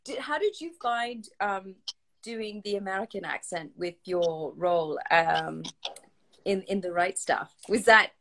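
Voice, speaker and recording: A woman's voice: medium pitch, a little slow, a bit bright. A woman hosting a casual interview chat, enthusiastic and gushing, laughing often between questions. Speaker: host.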